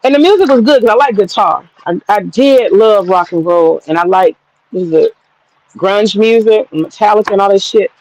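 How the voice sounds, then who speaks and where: A woman's voice: medium pitch, normal speed, darkish tone, low-quality recording. Profane, rambling woman telling a road trip story. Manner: works with her hands while talking. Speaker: streamer. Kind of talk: casual storytelling chat.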